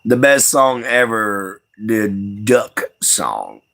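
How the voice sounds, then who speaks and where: A man's voice: lowish voice, wildly swooping pitch, extremely slow, creaky, a bit bright. A young man with a Southern US accent, chatting in a rambling, folksy way on a livestream and chuckling as he answers the chat. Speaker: livestream host.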